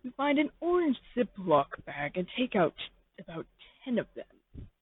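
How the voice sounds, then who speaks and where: Slow narrator reading fan fiction over a tinny line. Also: medium pitch, very animated, slightly rough, dry recording. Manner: slow, rambling second-person narration. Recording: tinny phone-like dry sound.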